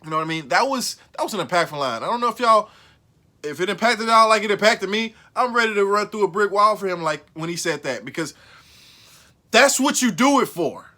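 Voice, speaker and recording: A man hosting a casual recap vlog, slangy and excitable, repeating lines for emphasis and swinging from low mumbles to loud outbursts. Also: fairly quick. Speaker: show recap host.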